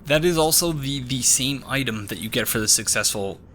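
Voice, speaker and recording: A man chatting excitedly while playing a game, thinking aloud. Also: medium pitch, normal speed, a little hiss or hum. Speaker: game player. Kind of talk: let's play commentary.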